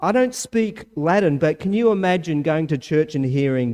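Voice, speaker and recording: Emphatic male preacher, fairly high voice. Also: normal speed, few pauses, a little mellow. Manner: emphatic, varies pitch and volume widely for emphasis. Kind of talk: sermon.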